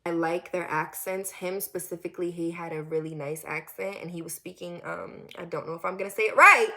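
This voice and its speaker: A young woman from the US Northeast telling a personal story in a casual, animated way, acting out quotes and dropping to low murmurs. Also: a little fast. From Connecticut. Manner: animated and candid, acts out quoted lines, drops to low murmurs.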